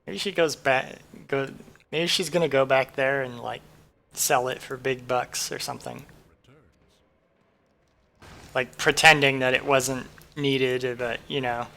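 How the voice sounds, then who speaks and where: A man's voice: medium pitch, steady tone, unhurried, creaky, pauses often, bright, forceful tone, a little hiss or hum. A man casually commenting on a game he is playing, rambling and thinking aloud with self-deprecating asides. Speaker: streamer.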